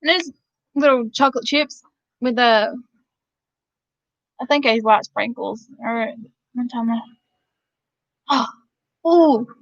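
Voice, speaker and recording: A woman's voice: a little high, slow, long pauses, no echo, muffled recording. A woman from Georgia with a Southern drawl, casually chatting to her live-stream viewers and rambling with frequent laughs. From Georgia, USA. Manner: rambling, laughs often between sentences. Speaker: vlogger reading live chat.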